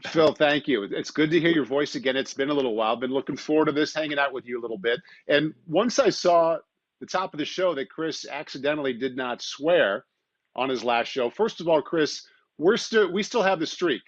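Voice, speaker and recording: A man's voice: fairly high pitch, lively intonation, fairly quick, dry recording. A man in his forties co-hosting a podcast, friendly and easygoing in conversation. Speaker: co-host. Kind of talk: casual podcast chat. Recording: dry, muffled audio.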